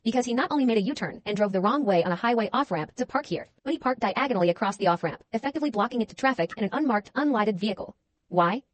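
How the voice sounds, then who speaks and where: A woman's voice: on the high side, lively intonation, racing. A woman giving scripted true-crime narration in a pointed, sardonic tone.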